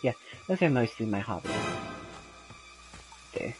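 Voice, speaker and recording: Young gamer rambling thru a story over gameplay, lots of ums, pitch jumps all over, faint game music behind. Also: very animated, measured pace, poor audio. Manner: rambling storyteller with frequent ums, bursts into laughter. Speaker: gaming channel host. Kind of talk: casual gameplay commentary.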